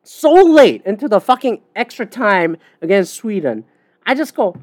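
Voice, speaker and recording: A woman's voice: mid-range voice, big pitch swings, moderate pace, darkish tone, dry recording, clean studio sound. A woman hosting a podcast, ranting bluntly and profanely in casual talk with many fillers. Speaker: podcast host. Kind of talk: casual opinion rant.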